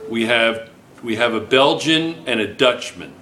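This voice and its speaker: Bright-voiced playful male teacher. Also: mid-range voice, expressive, unhurried. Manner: playful, teasing, loud classroom voice. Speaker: chemistry teacher. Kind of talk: joking classroom review.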